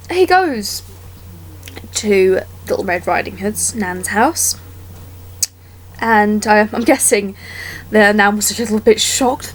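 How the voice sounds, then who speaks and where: A young woman retelling fairy tales with exasperated, sweary sarcasm. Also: mid-range voice. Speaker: vlogger. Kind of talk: sarcastic storytelling commentary.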